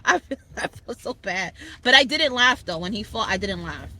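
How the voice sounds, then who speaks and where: A woman with a New York accent hosting a casual family podcast, telling a story in an animated way, laughing often and quoting people in street slang. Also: mid-range voice, moderate pace. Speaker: podcast host.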